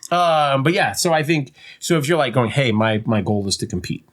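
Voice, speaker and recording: Brief: male podcast co-host, casual chat, mid-pitched, laughs a lot. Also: expressive, moderate pace. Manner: rambling, laughs often, many fillers.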